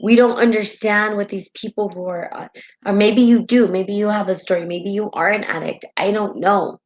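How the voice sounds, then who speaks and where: A woman's voice: mid-range voice, fairly even intonation, moderate pace, dull audio. A woman hosting a spiritual live stream in casual talk, heartfelt and rambling, often tagging her sentences with "right?", and tearful at times.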